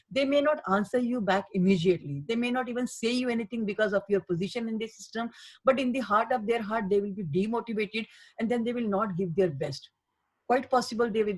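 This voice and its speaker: A woman's voice: mid-range voice, rough recording. A woman giving a webinar lecture as a healthcare communication trainer, earnest and repetitive in her emphasis. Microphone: webinar microphone.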